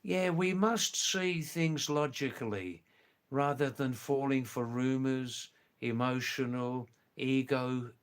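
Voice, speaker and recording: An older retired man from England and Australia, hosting a live stream, reading viewer comments aloud in a slow, gentle, repetitive way. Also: mid-range voice. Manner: slow, gentle and repetitive, often says "you know" and "yes".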